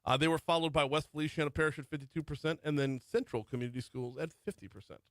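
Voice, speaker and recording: A man's voice: on the high side, steady tone, fast talker, a bit bright, dry recording. A middle-aged man hosting a morning talk radio show, running through the news with chatty asides. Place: radio studio. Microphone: studio microphone.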